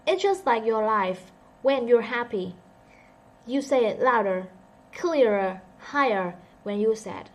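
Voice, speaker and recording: Chatty, self-joking English teacher, a woman. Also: a little high. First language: Vietnamese. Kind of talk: casual online lesson.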